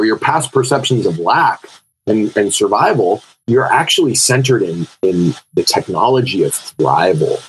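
A man's voice: medium pitch, slight background noise, rough recording. A man co-hosting a freewheeling spiritual conversation who tells stories with animation and acts out the people in them. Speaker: podcast co-host.

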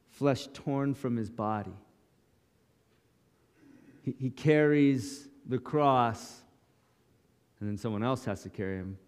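A man's voice: medium pitch, a little mellow, in a large hall. A male pastor preaching a sermon in short, dramatic, emphatic lines.

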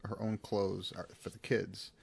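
A man's voice: on the low side, level tone, measured pace, creaky, breathy edge. A man hosting a podcast, chatting casually with a rambling, joking manner and frequent laughs. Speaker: podcast host. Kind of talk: casual chat.

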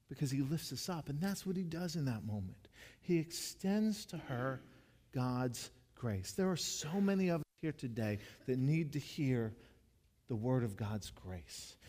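A male pastor preaching a sermon, swinging between loud rousing passages and soft hushed ones, joking with the congregation and asking for a show of hands. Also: medium pitch. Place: church sanctuary. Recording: long reverb of a large hall.

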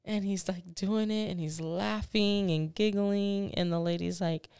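A woman co-hosting a podcast, chatting casually and telling an animated story with lots of laughter. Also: medium pitch, unhurried, clean tone, no echo, studio quality. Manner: animated storytelling, acts out voices, laughs often. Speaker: podcast co-host. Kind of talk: casual chat.

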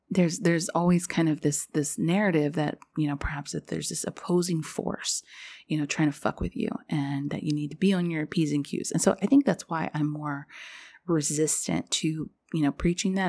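Podcast host: young woman, low gravelly voice, loose confessional rambling. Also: warm tone. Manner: rambling, confessional, heavy use of "like". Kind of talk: casual spiritual podcast monologue.

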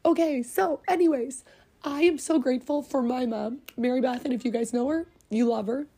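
A woman's voice: high voice, normal speed, dark tone, breathy edge. A middle-aged woman hosting a podcast, speaking heartfelt and getting choked up as she pays tribute. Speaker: podcast host. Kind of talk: personal tribute monologue.

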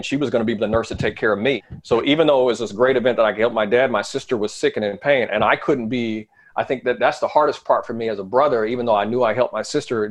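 A middle-aged man, appearing as an interview guest, tells a personal story earnestly, his voice often sinking to a quiet low.

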